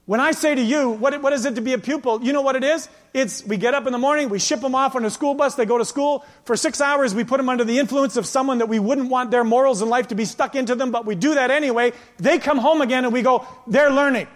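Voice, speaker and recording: A man preaching a sermon as pastor, emphatic, with passages that drop to a quiet, intense tone. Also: very high voice, quick pace, hardly any pauses. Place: church sanctuary. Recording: long church hall reverb.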